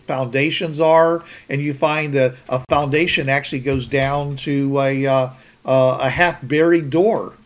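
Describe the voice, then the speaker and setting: Male podcast host, mid-pitched, easygoing rambling delivery. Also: a bit bright. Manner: rambling, many restarts and "you know"s. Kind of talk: casual podcast chat.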